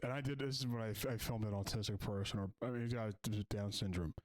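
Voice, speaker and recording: A man's voice: fairly low pitch, fast. A man from the Philadelphia area hosting a reaction video, mocking and ranting in a sarcastic tone. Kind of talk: reaction commentary.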